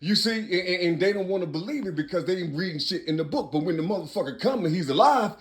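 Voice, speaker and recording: A man in his fifties gives a fervent, rambling monologue, veering from loud bursts to low mutters and going over the same points again. He's animated and talks fast, with few pauses.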